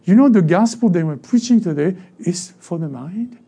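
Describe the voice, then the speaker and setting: A man with a French accent preaching a sermon as a pastor, animated and acting out other people's voices. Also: sits high, normal speed, vocal fry, breathy edge. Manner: animated, acts out voices of church members.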